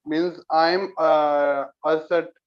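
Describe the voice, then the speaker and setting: A man student in an online class, answering haltingly with many pauses and fillers. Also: a little high, flat delivery. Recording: dull lo-fi line.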